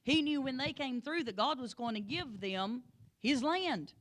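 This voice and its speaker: A woman teaching a Bible lesson, telling the story with lively energy and calling on class members by name. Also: high voice, a little slow. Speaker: Sunday school teacher.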